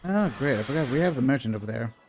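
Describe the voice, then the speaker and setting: Talking very fast and animatedly, a gaming video host with a mid-range, somewhat mellow voice gives casual commentary on a game playthrough. His speech rambles, full of restarted sentences and repeated words.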